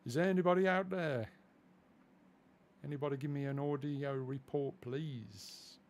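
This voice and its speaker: A man's voice: on the high side, a little slow, slight background noise. Chatty, easily distracted man streaming a flight sim. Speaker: streamer playing a flight simulator. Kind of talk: casual live-stream commentary.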